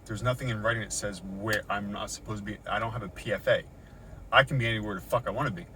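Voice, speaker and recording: A man's voice: fairly low pitch, fast, pushed and bright, a little hiss or hum. Shaken middle-aged man venting in his car. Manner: agitated, repetitive, swearing. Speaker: vlogger recounting an encounter. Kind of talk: agitated first-person account. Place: inside a parked car in a parking lot.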